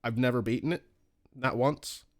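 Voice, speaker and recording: A man co-hosting a casual podcast, telling gaming stories with lots of swearing and excited squeaky voices for his asides. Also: moderate pace. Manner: animated storytelling, swears freely, jumps up in pitch for quoted asides. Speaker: podcast co-host.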